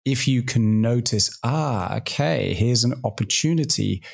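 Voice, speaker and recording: A man's voice: mid-range voice, expressive, unhurried, creaky. A man hosting a podcast, talking things through in a reflective, casual way. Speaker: podcast host. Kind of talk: casual discussion.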